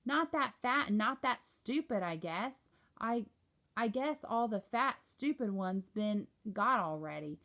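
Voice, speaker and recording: A woman's voice: fairly high pitch, expressive, unhurried, a bit bright. A woman doing a chatty country boy. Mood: eager. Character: country boy from the rural South, friendly and eager.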